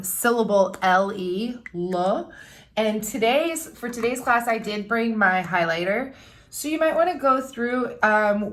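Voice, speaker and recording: A woman's voice: medium pitch, a bit bright. Woman teacher sounding out words patiently. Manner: patient, explains step by step, sounds out words slowly. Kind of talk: recorded remote classroom lesson.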